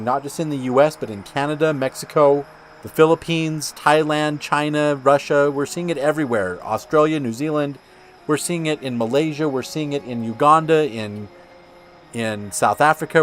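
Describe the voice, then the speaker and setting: Hosting a gaming channel, a man talks through his gameplay in a loose, chatty, rambling style of casual commentary. His voice is mid-range and a bit bright, with a little hiss or hum in the recording.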